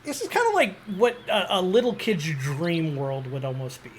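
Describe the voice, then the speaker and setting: A man's voice: sits high, wildly swooping pitch, moderate pace, a little hiss or hum. A man running a tabletop game as game master, with a hesitant manner full of fillers and restarts.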